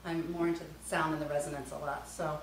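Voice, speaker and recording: A woman unboxing an instrument in a casual vlog, gushing and excitable, laughing often. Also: sits low, fast. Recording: roomy, mic at a distance, background noise.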